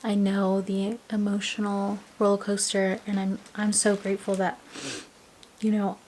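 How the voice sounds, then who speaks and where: A young woman talks through a personal vlog at an unhurried pace, her voice soft and often slipping into a half-whisper. Small laughs break in now and then, and a faint hiss sits under the recording. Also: mid-range voice, monotone, poor audio. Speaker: vlogger.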